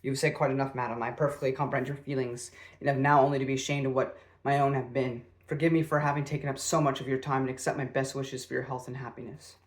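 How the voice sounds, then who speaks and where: A man reading the lines of a proud, reserved young gentleman in a grave, measured way. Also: medium pitch, level tone, natural voice.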